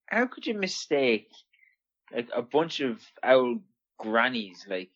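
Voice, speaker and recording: A man's voice: mid-range voice, very animated, slow, fairly bright tone. A man co-hosting a casual comedy podcast, reacting with disbelief, swearing and laughing. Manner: incredulous, swears, bursts into laughter. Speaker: podcast co-host. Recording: dull lo-fi mic.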